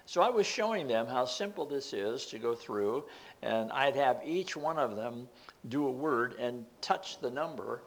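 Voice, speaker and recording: A man's voice: medium pitch, rough recording. An older man giving an informal Bible study talk, explaining word meanings step by step in a meandering way.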